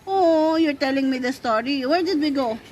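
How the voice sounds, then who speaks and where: At a crowded outdoor zoo, a mother filming her small child talks to them casually in a coaxing, sing-song manner with a Filipino accent. Her animated voice sits high and a little mellow, at normal speed, with busy zoo crowd noise around her.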